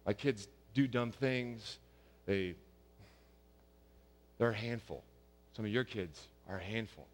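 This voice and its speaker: A man's voice: on the low side, takes it slowly, pauses often. Preacher man in a reverberant hall. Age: young adult or middle-aged, a father of young kids. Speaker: pastor. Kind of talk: sermon.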